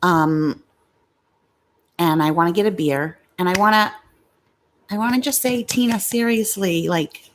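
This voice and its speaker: A woman's voice: fairly low pitch, measured pace, long pauses, slight background noise. A middle-aged woman hosting a casual livestream, blunt and confrontational with commenters, swearing freely. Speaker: livestream host.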